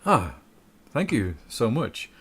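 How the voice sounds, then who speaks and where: A man voicing a polite French gentleman mage with a French accent, speaking courteously and a little hesitantly. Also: medium pitch, very animated, slow pace, slightly rough, exaggerated voice.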